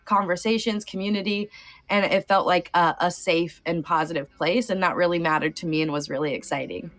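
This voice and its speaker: A woman's voice: lowish voice, fairly even intonation, fairly quick, fairly bright tone. A woman in her thirties, a podcast guest talking in a heartfelt, casual way, sometimes near tears, with many fillers. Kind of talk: emotional casual conversation.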